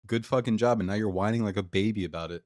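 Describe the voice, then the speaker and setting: A man's voice: lowish voice, quick pace, a little mellow, no echo, studio quality. Exasperated swearing streamer man. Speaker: streamer reacting to a clip. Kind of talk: live stream reaction commentary.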